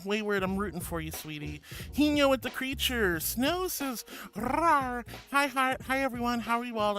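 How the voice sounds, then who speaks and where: A woman streamer chatting with her viewers, bubbly and gushing, calling them honey and sweetie. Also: lowish voice. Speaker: VTuber streamer. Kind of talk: casual chat with viewers.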